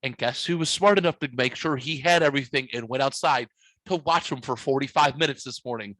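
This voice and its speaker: A man hosting a casual podcast, telling a story with lots of swearing and acting out his own yelling. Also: mid-range voice, brisk, dry recording. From United States. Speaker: podcast host.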